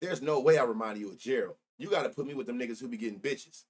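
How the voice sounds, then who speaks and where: With a breathy edge and a quick pace at medium pitch, the middle-aged host of a sports betting live stream talks loosely and profanely. He reminisces while answering his chat.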